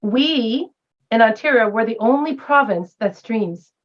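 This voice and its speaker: A woman's voice: a little high, expressive, measured pace, muffled recording. A retired woman professor speaking as a guest in a round-table discussion, emphatic and posing rhetorical questions.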